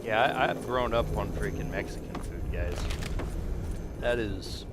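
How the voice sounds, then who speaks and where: A man live-streaming a game, chatting casually with viewers, excitable and quick to swear. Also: fairly low pitch, very noisy. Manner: excitable, swears freely, talks to chat. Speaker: gaming streamer.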